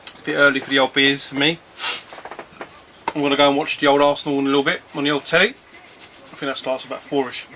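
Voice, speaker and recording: A retro game collector vlogger rambles casually in a home video shot outdoors on a sunny afternoon, often breaking off to call his dog. His mid-range voice is bright and forceful with fairly even intonation; he talks fast but pauses often, and there's a little hiss or hum.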